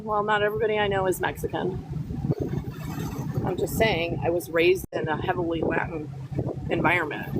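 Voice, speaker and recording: Walking her dogs outdoors, a woman with a lowish voice chats on a phone live stream amid heavy background noise. She reads comments aloud, slips in Spanish words, and stays blunt and feisty, quick to snap back at commenters.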